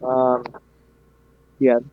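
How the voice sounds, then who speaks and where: A man's voice: medium pitch, completely flat delivery, very slow. A man from Nebraska asking brief, matter-of-fact questions in an online meeting. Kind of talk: casual meeting talk. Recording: husky voice over a tinny call line.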